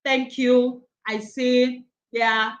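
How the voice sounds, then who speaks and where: A woman's voice: a little high, little pitch movement, drawn-out words, roomy sound, dull audio. A middle-aged woman coaching a study group on Proverbs, acting out quoted voices and laughing often. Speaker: coach leading a daily wisdom study. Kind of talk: teaching talk on Proverbs.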